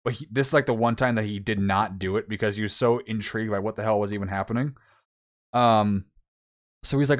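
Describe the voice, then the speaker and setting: A man's voice: fairly low pitch, a little fast. Young man rambling through a story. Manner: rambling, many "like" fillers, quoting others. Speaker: streamer. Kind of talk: casual storytelling.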